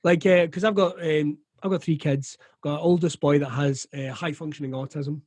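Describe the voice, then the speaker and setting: A middle-aged Scottish man talking frankly and animatedly, swearing freely and slipping into other people's voices as he tells it. His voice sits a touch high, and the sound is dry and close. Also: steady tone, moderate pace, a little mellow, dry recording. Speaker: comedian guest. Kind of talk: candid conversational interview.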